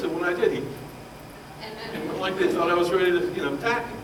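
A man preaching a sermon, telling his own story with passion, his voice rising loud and falling hushed. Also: high-pitched, fast, noisy background. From Baltimore, Maryland. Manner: impassioned, swings from loud to hushed. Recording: roomy echo, voice from far off.

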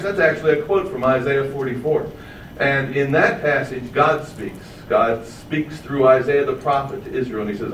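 A man preaching a teaching sermon, stretching out key phrases and throwing questions to the congregation. His fairly high voice sounds distant and echoey, with a faint room hum behind it. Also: fairly bright tone. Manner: asks the audience questions, stretches key words slowly for emphasis. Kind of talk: sermon, verse-by-verse Bible teaching.

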